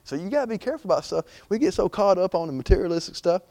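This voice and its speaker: A man's voice: sits high, animated, racing, a little mellow, no echo. A young man preaching an informal sermon in a chatty, rambling way, full of fillers and restarts.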